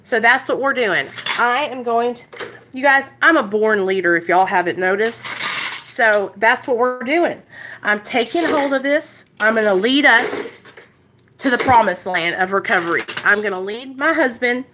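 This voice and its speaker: A woman's voice: a little high, measured pace, noisy background. A young woman, talking bluntly and emphatically in a casual motivational vlog, swearing and repeating herself for emphasis. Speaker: recovery vlogger.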